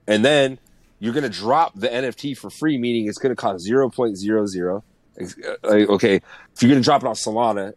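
A man's voice: on the low side, darkish tone, no room sound. A man in his thirties, a music producer guest, giving blunt and profane advice in casual podcast chat.

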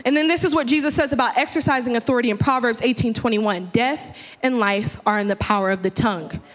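Fifteen-year-old girl preaching from a church stage, animated storyteller who builds to impassioned shouts; lingering hall echo. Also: on the high side, quick pace. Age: 15 years old. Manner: lively storytelling with acted asides. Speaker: youth speaker. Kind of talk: sermon. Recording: long church hall reverb.

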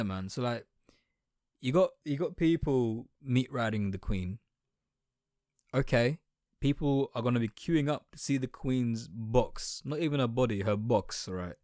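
A man's voice: medium pitch, darkish tone, dry recording, studio quality. A young man, ranting sarcastically and bluntly in a slang-heavy monologue.

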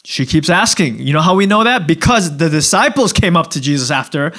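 A male pastor preaching a sermon in a relaxed, conversational way, acting out little voices and asides. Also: a little high, a little fast. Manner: conversational, animated, acts out voices.

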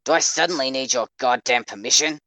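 A man voicing a hot-tempered, aggressive teenage boy who growls and shouts his lines. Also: mid-range voice, takes it slowly, no room sound, pitched above the performer's own voice. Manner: loud, growling, confrontational. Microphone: home microphone over voice chat.

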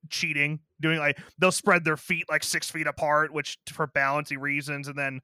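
A man co-hosting a podcast, reviewing a movie in laid-back casual chat and acting out quotes in a higher voice. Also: level tone, moderate pace, bright, forceful tone, clear, resonant tone, no echo, studio quality. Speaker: podcast co-host.

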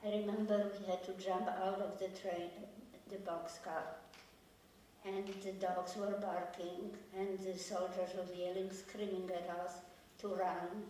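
An older woman from Poland recounts her memories in a quiet, grave, halting way, often circling back to repeat a phrase. Her voice is mellow and dark, heard from a distance. The recording rings with a heavy echo, as though made in a large bare room. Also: medium pitch, little pitch movement, a little hiss or hum. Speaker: Holocaust survivor giving testimony. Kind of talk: personal testimony. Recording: very echoey room, voice from far off.

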